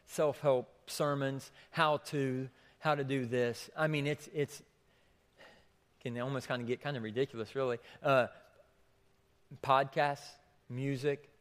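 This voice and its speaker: A man preaching a sermon as pastor, repeating questions for emphasis and swinging between hushed and raised delivery. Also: mid-range voice. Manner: repeats questions for emphasis, drops to near whisper then rises. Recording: long hall reverb.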